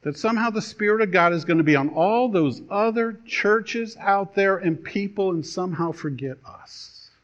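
A man pastor preaching a sermon, telling a story with dramatic pauses and a storytelling delivery. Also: high-pitched, lively intonation. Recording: dull lo-fi sermon recording.

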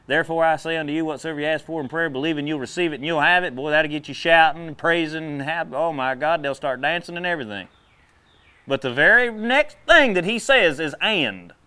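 A man preaching a sermon in a folksy, animated way, drawling and then breaking into sudden loud bursts. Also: on the high side, a little fast, clean tone.

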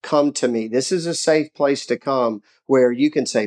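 A middle-aged man talking about parenting in a relaxed, earnest way. He tells stories warmly and lively and stresses his points. His voice sits at a medium pitch. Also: moderate pace, hardly any pauses. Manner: earnest, animated storyteller. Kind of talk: casual faith-based parenting discussion.

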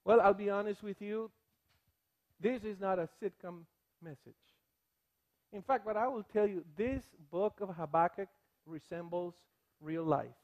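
A man delivers a sermon from the pulpit with an unusually high-pitched voice. His delivery is animated, and he breaks into quick impressions of the people in his stories. He teaches and jokes with the congregation as he goes. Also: lo-fi sound. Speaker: pastor.

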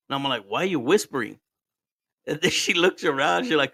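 A man's voice: fairly high pitch, big pitch swings, normal speed, gravelly, fairly bright tone, no room sound, studio quality. A man, hosting a podcast and telling a story in casual chat, laughing and swearing as he switches between English and Spanish. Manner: drinking while talking. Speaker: podcast host.

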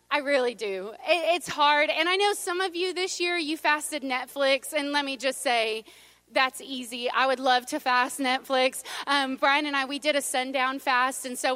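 A woman's voice: high-pitched, bright, forceful tone, no echo. A middle-aged woman pastor, preaching a sermon in a chatty, storytelling way with playful asides to the congregation.

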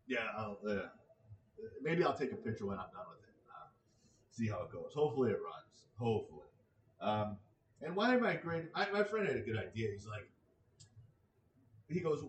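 A man's voice: lowish voice, sing-song, moderate pace, long pauses, roomy sound, distant mic, slight background noise, poor audio. A man in a casual ranting monologue, exasperated and sarcastic, swearing freely.

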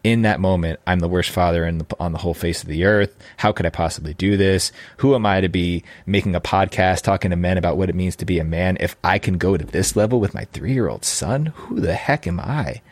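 Deep-voiced man telling a candid story. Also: brisk, hardly any pauses, no echo. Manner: earnest, reflective, with frequent restarts. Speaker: podcast host.

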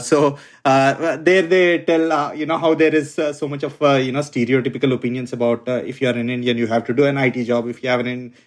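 A man co-hosting a podcast in casual chat, hesitant and full of filler sounds. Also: medium pitch. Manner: hesitant, many filler uhs. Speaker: podcast co-host.

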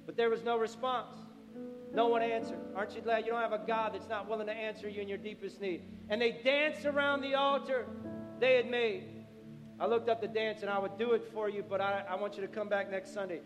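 A man preaching a sermon as pastor, animated, acting out the people in the story. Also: sits high, brisk. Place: church sanctuary. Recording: echoey hall with music.

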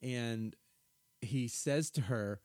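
A man's voice: medium pitch, drawn-out words, darkish tone, dry recording, clean studio sound. A middle-aged man co-hosting a casual podcast, wry and playful, swearing now and then as he retells scenes. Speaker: podcast co-host. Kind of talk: casual chat recapping a reality show.

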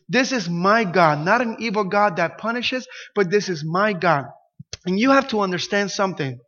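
A pastor preaches with a high, bright voice, acting out the lines he quotes. His sermon rings through a reverberant hall. The recording sounds dull and muffled. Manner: animated preaching, acts out quotes, grows louder and emphatic.

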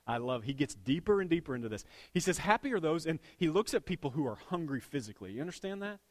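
A middle-aged man preaching a sermon, swinging between loud bursts and hushed asides, with a dad's jokes about his daughter. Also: mid-range voice. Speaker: pastor.

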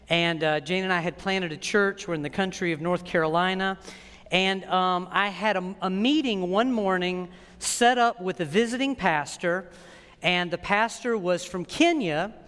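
A man preaching a sermon as pastor, telling stories in a joking, animated way. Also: high-pitched, clear, resonant tone, long reverb tail. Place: church sanctuary.

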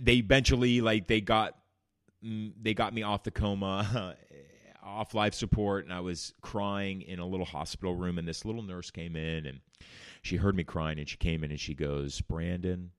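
Recorded in a clean, echo-free studio, a man hosting a podcast shares his personal recovery story in blunt, profane, candid terms. His voice is low.

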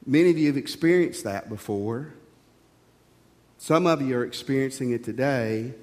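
A man's voice: mid-range voice, moderate pace, darkish tone, in a large hall. A male pastor delivering a sermon, preaching emphatically and speaking straight to his congregation in a conversational way.

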